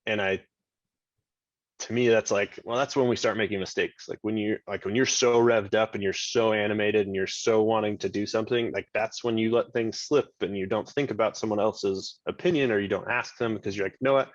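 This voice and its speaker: A man's voice: lowish voice, steady tone, fairly quick, no echo. A man telling a story as a podcast guest in a rambling, casual way, full of "like" fillers and restarts. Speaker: podcast guest, state government chief of staff. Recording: dull lo-fi dry sound.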